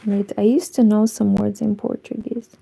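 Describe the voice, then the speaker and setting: A woman's voice: medium pitch, flat delivery, moderate pace, gravelly, dark tone, rough recording. A woman from Moldova, chatting casually on a crochet livestream and greeting viewers as she works.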